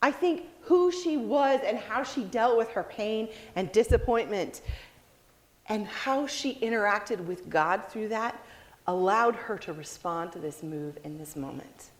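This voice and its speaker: A woman preaching a sermon, telling a story with expressive delivery and acting out the people in it. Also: medium pitch, a little slow, in a large hall.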